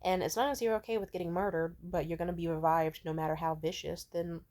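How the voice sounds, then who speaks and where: Blunt, profane young woman, lower voice. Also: steady tone, fast talker, darkish tone. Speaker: video essayist. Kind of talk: casual commentary on fiction.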